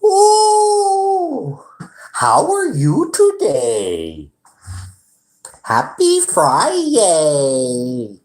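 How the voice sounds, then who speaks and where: A man mimicking an overly cheerful male store manager in a sing-song falsetto, drawing out his greetings. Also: wildly swooping pitch, very slow, darkish tone, echoey room, full character voice. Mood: gushing. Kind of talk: mocking impression.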